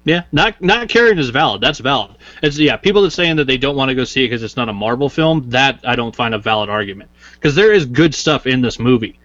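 Man, casual podcast chat, blunt, opinionated, average pitch, dry. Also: lively intonation, fast talker, hardly any pauses, fairly bright tone, no echo. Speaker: podcast co-host. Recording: slightly dull dry sound.

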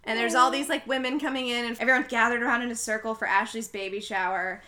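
Podcast co-host: woman with a bright, slightly high voice, chatty and loose, lots of fillers. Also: steady tone, fast talker. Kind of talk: casual recap of a film.

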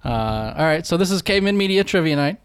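A man's voice: on the high side, lively intonation, quick pace, clean tone, no echo. A man hosting a casual podcast trivia segment, teasing the contestants. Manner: jokey, teasing quizmaster. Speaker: podcast host, quizmaster.

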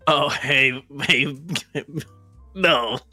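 A man's voice: mid-range voice, extremely slow, sharp tone, faint music behind, heavily acted. A man voicing a withered, decaying undead woman in a groggy dying voice, cursing and flustered.

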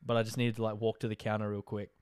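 Chatty tired Australian man, smooth voice. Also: fairly low pitch, little pitch movement, very fast, darkish tone, dry recording, studio quality. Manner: rambling and chatty, full of "like" and "um". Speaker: podcast host. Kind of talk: casual monologue update.

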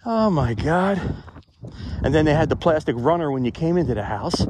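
Background noise accompanies this man's expressive, somewhat high voice, which moves at a moderate pace. A vlogger, he records on a handheld phone while walking in a cemetery, reflecting aloud in a rambling, chatty manner.

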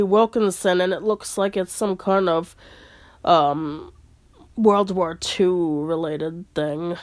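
Woman, lowish voice, casual chat, retelling a story, relaxed asides. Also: takes it slowly. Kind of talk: casual chat, reading a book aloud.

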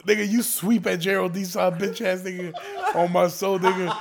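Podcast host, male, high gravelly voice, crude joking banter. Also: little pitch movement, normal speed, crowd noise. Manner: crude joking roast banter, laughing often.

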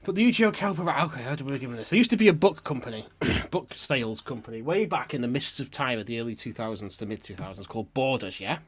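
Animated, sweary man storyteller. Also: mid-range voice, fast, hardly any pauses, slightly rough. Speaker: podcast co-host. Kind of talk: casual podcast storytelling.

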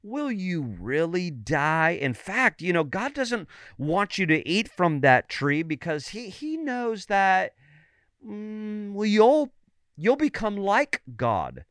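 Man voicing a sly whispering devil, coaxing and insinuating, smooth clear voice, dry close sound. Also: sits high, sing-song, slow, fairly bright tone, no room sound, voice pushed up, full character voice. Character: sly whispering male devil tempting a woman.

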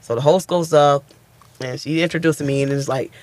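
A man's voice: fairly high pitch, brisk, dry recording. A man, a stand-up comedian, telling a story in a casual interview and acting out what people said. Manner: animated, chatty, acts out quotes.

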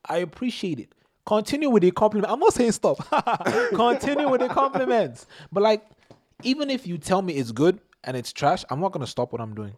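A young man hosting a casual podcast chat, giving emphatic advice with lively bursts. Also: high-pitched, fairly quick. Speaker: podcast host.

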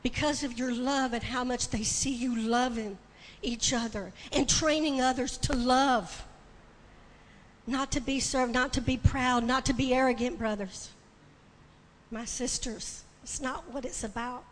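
A woman preaching a sermon with passion, building to shouting and tearful cries. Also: sits high, steady tone, a little slow. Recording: long hall reverb, faint ambience.

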